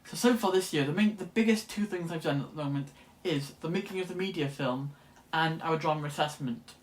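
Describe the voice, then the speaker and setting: A young man in his late teens, a student vlogger, chats casually to the camera, rambling and often restarting to correct himself. His voice is fairly high and a little fast, with a slight hiss or hum in the background.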